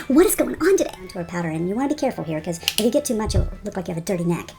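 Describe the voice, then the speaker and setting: A woman's voice: mid-range voice, animated, racing, vocal fry, hardly any pauses, darkish tone. Laughing woman vlogger joking through her makeup, faint music underneath. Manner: giggly, joking, self-teasing. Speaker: beauty vlogger. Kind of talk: casual makeup vlog.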